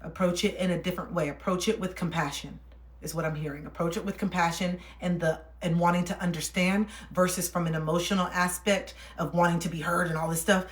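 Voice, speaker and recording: A woman's voice: on the low side, fairly even intonation, fairly quick. A young woman chatting casually on a livestream while reading cards for viewers, laughing often and soothing when she reassures. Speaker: livestream card reader. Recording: roomy echo.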